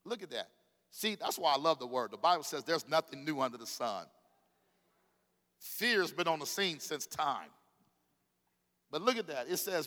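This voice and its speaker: A man giving a sermon as a pastor, preaching with call-and-response and sudden loud bursts. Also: a little high, very animated, normal speed, pauses often, long reverb tail.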